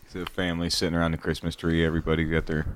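Deep-voiced, jokey man on a podcast. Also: monotone, racing. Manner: jokey, goofy, laughs at his own jokes. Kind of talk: casual beer-tasting chat. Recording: clear background noise.

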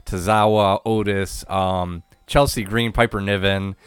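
A man co-hosting a wrestling podcast in excitable, profane casual chat, laughing often. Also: lowish voice, a little slow, smooth, dry recording. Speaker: podcast co-host.

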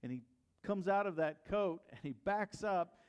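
A man's voice: sits high, lively intonation, measured pace, clear, resonant tone, lo-fi sound. A male pastor preaching a sermon, retelling a story and asking the congregation questions.

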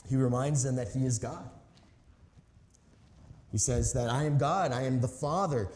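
A man's voice: medium pitch, unhurried, a little mellow. A man in his thirties preaching a sermon as a pastor, telling a story in a conversational, earnest way with emphatic stresses. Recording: echoey hall reverb.

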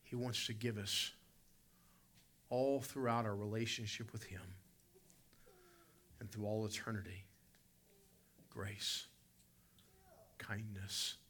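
A man preaching a sermon as pastor, emphatic, surging to loud peaks and then dropping low. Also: slight background noise. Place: church service with congregation responding.

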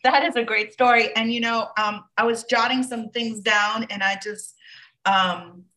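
A woman podcast host sums up her guest's points in a halting, casual way, searching for words. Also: fairly high pitch, fairly even intonation, pushed and bright. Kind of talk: casual chat, summarizing. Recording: distant from the mic.

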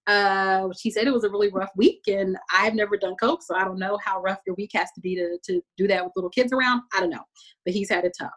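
A woman's voice: medium pitch, fast, a bit bright. A woman hosting a casual podcast, recapping a TV episode in a chatty way with frequent laughs and fillers.

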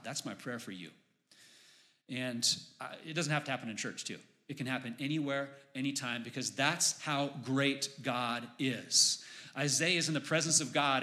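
A pastor preaching a sermon in church, building to emphatic, raised exclamations on key points. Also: male voice, a little high, bright, forceful tone.

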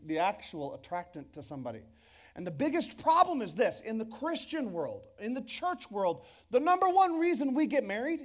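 High-voiced pastor joking from the pulpit. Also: male voice. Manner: conversational and joking, with repeated restarts. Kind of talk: sermon. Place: church hall before a congregation.

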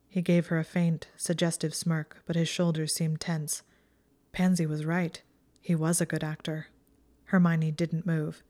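A woman reading a fan fiction story aloud as narrator, steady and measured. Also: low voice.

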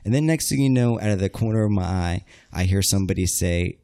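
Crude, animated man telling a bar story. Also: low-pitched, fast talker, no room sound, clean studio sound. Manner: crude, animated, acts out quoted lines. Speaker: podcast guest telling a story. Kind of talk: casual storytelling chat.

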